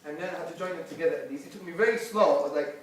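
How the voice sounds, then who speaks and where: A man telling a personal conversion story to an audience in emphatic bursts, switching between hushed and loud. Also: a little high, rapid-fire. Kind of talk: animated personal testimony to a live audience. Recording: echoey hall, picked up from a distance.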